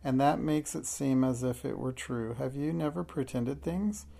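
A man reading a calm, imaginative schoolgirl. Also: medium pitch, normal speed, vocal fry. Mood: earnest. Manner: calm, earnest, quietly confiding. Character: thoughtful, imaginative young schoolgirl.

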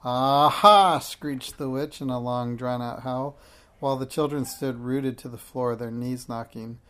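A man narrating a children's storybook aloud in a measured, expressive way. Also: medium pitch.

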